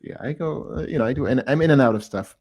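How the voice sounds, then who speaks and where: A man co-hosting a talk show, asking questions in a relaxed, curious, rambling way. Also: medium pitch, quick pace. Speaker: co-host. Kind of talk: casual interview chat.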